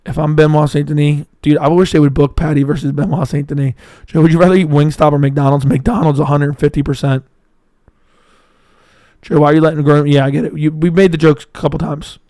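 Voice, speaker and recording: A hoarse man hosting a livestream in casual commentary, answering chat with blunt, profane banter. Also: a little high, dark tone, no room sound, studio quality. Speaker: livestream host.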